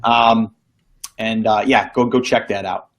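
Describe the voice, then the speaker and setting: A man's voice: fairly low pitch, fairly even intonation, unhurried. A man hosting a casual live online show, chatty with lots of fillers and easy laughter, on a video call mic. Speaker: podcast host. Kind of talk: casual livestream chat.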